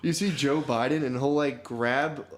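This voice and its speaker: A man's voice: mid-range voice, steady tone, unhurried. Rambling, profane young podcast co-host man. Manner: rambling, profane storytelling with frequent "dude". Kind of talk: casual podcast chat.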